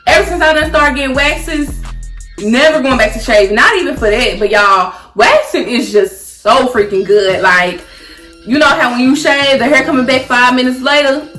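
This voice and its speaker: A young woman tells a personal story to camera in a chatty, animated way, full of "like" and "y'all". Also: high-pitched, moderate pace. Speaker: vlogger. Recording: echoey room with faint music.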